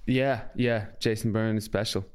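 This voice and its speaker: A man's voice: lowish voice, fairly even intonation, moderate pace, clear, resonant tone. A man co-hosting a podcast, chatting casually and telling rambling, sweary anecdotes. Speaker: podcast co-host. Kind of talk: casual chat.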